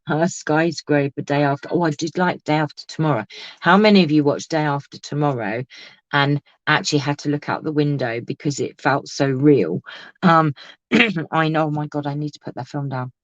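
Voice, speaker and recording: A woman's voice: low-pitched, fairly even intonation, moderate pace, no room sound. Bubbly woman crafting live, gushing and laughing, dull dry lo-fi audio. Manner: chatty, exclamatory, laughs often. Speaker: crafting vlogger. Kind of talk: casual live crafting chat.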